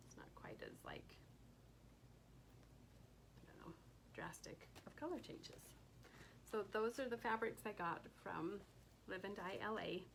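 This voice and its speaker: Casual vlogger woman, soft and gushing, slips into whispers, slightly gravelly tone. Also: medium pitch, slight background noise, poor audio. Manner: gushing, soft-spoken, often drops to a whisper. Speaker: cross stitch vlogger. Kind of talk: casual haul chat.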